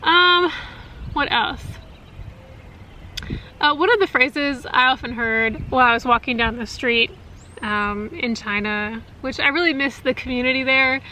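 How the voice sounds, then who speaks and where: Woman vlogging outside in the wind, a bit high pitched, lots of ums, loud wind hiss. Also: unhurried, poor audio. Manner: chatty, many fillers, laughs often. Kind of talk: casual chat. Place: outdoors in cold wind. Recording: wind noise on the mic.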